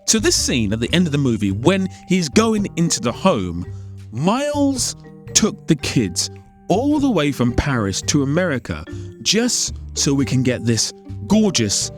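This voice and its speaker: A man's voice: on the high side, wildly swooping pitch, a little slow, faint music behind. A man narrating a comedic film critique, firing off exasperated, incredulous questions. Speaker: film commentator.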